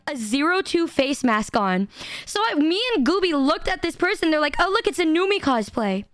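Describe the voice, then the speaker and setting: A young woman with a very high, girlish voice chats to her stream audience in quick, animated bursts. She laughs and curses casually as she talks. The sound is dry and close, with no room around it. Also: no echo. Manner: animated, laughing, swearing casually, many restarts. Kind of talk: casual storytelling to chat.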